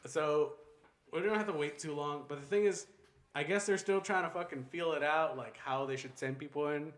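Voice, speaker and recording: Young male podcast co-host, slightly high voice, loose casual storyteller who laughs a lot. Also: moderate pace, fairly bright tone. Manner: laughing, swearing, storytelling with put-on quotes. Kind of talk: casual chat.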